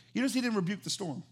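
A man preaching a sermon as pastor, animated and emphatic, repeating phrases for emphasis. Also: sits high, slightly rough.

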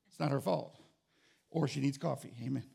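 A middle-aged man preaching a sermon as pastor, conversational and joking, with an animated delivery. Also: medium pitch, moderate pace, gravelly, slight background noise.

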